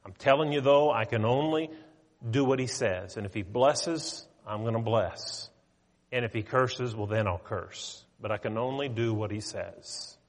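A man playing a reluctant prophet who speaks in a low, hesitant, hedging way. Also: measured pace. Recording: long hall reverb.

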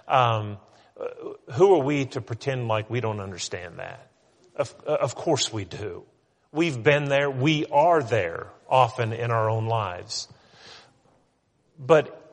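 Male pastor, middle-aged, earnest sermon, scripture reading, mid-pitched voice, long hall reverb. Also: a bit bright. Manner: reads scripture aloud, then preaches earnestly with small restarts.

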